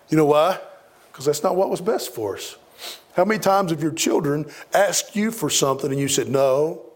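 A man's voice: on the high side, a little mellow. A middle-aged man preaching a sermon, emphatic and given to repeating words for stress.

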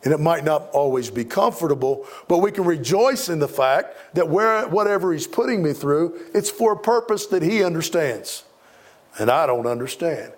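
A man's voice: fairly high pitch, animated, moderate pace. A middle-aged man preaching a sermon, emphatic and given to repeating words for stress.

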